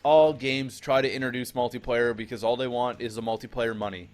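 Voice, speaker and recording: A man's voice: mid-range voice, steady tone, fairly quick. A man co-commentating a video game in a laid-back, rambling way, with some swearing. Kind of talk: casual gaming commentary.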